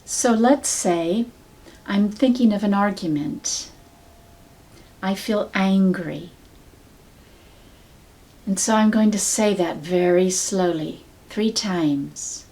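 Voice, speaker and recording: A woman teaching a sound healing technique in a calm, measured, soft-spoken way, guiding the listener step by step. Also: mid-range voice. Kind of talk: slow guided teaching.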